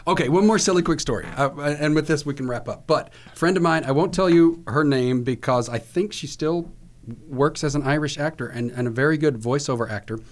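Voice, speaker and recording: A man co-hosting a podcast, telling a show-business anecdote with animated energy and acting out the quoted lines. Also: a little high, brisk. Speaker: podcast co-host. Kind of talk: casual chat.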